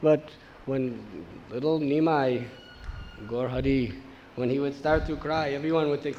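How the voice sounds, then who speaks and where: A man giving a devotional storytelling sermon, animated and acting out the voices of the people in his tale. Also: fairly high pitch, moderate pace, highs cut off, slight background noise. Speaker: spiritual teacher.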